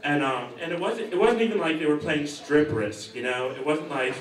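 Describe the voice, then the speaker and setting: A young man doing a stand-up comedy set, offhand and deadpan with rambling asides. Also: on the high side, moderate pace, hardly any pauses, recorded from a distance. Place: comedy stage in a hall. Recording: echoey hall, mic heard from afar.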